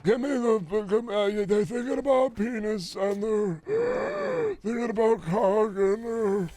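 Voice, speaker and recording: A man's voice: high voice, steady tone, moderate pace, dark tone, soft background music, pitched above the performer's own voice, close to an everyday voice. A man doing a comedy impression of a blustering male politician, exaggerated and gasping. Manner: exaggerated, gasping, over-the-top.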